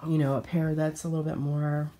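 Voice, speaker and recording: A woman vlogging about sewing in a casual, chatty way, her voice hoarse as she gets over a cold. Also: sits low, little pitch movement, fairly quick, mellow. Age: adult with children. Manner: chatty, with frequent fillers and restarts. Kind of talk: casual chat to camera.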